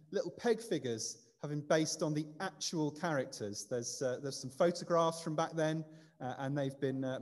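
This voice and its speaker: A man's voice: a little high, a little mellow. A man leading a light-hearted quiz in a church service, chatty and self-deprecating. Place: church building. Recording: long reverb of a church hall.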